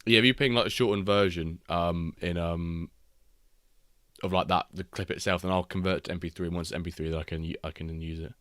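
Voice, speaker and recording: A man, chatting casually and reacting excitably while hosting a live football watchalong stream. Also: low-pitched, quick pace, dry recording, clean studio sound. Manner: rambling, excitable reactions to match action.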